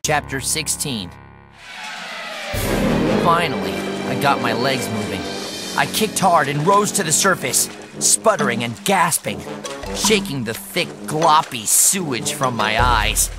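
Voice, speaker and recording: A man's voice: medium pitch, lively intonation, a little slow, over music. A man narrating a children's horror audiobook in a dramatic, emphatic way. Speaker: audiobook reader. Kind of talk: scripted narration.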